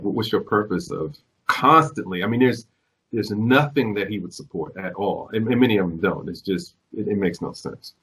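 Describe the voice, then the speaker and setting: Low husky-voiced male host. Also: low-quality recording. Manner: frequent affirming backchannels. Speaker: podcast host. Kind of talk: casual interview chat.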